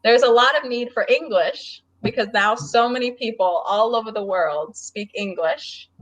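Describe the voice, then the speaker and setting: A woman's voice: on the high side, moderate pace, a bit bright, rough recording. A woman with a general American accent, tutoring English in a casual video-call conversation, friendly and laughing often. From United States.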